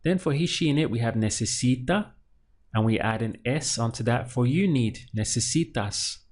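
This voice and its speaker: Slow, patient male Spanish teacher. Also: mid-range voice, a little mellow. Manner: asks a question, pauses, then answers it. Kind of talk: slow, patient language lesson with drills.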